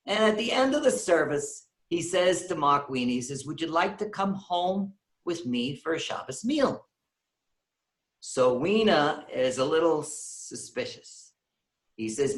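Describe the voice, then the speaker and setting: A man's voice: a little high, roomy sound, low-quality recording. A man giving a synagogue lecture, retelling a comic story and acting out its characters' voices. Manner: animated storyteller acting out voices, laughs at his own jokes. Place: synagogue hall.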